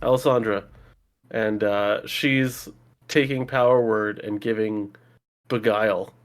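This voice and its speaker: A man's voice: on the low side, fairly even intonation, slow. Hesitant self-deprecating man. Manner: self-deprecating, hesitant, stumbles over words. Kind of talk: casual chat.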